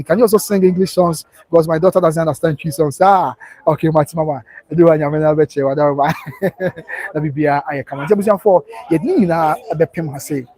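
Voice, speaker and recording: A man's voice: on the high side, darkish tone. Ghanaian man hosting a live stream. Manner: reads out viewer messages and thanks them. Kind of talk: casual live-stream chat reading viewer comments.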